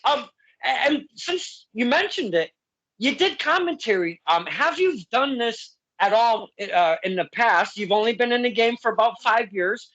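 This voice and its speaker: A man hosting a casual interview, excitable and quick to laugh. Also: very high-pitched, lo-fi sound. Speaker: interview host.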